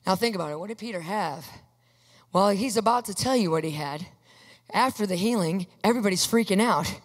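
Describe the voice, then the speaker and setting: A woman preaching a sermon in an emphatic, animated way, asking her listeners questions. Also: mid-range voice, fairly quick, in a large hall.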